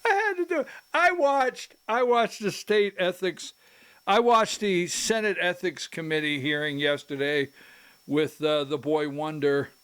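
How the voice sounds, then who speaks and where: Slow-talking man hosting a politics show. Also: on the high side, steady tone, a bit bright, clean tone. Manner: rambling, self-interrupting, emphatic asides. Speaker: host.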